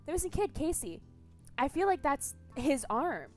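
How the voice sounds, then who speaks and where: A young woman streaming a story game, chatting casually, swearing freely and thinking out loud. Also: high voice, big pitch swings, normal speed, soft background music. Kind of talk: casual gameplay commentary.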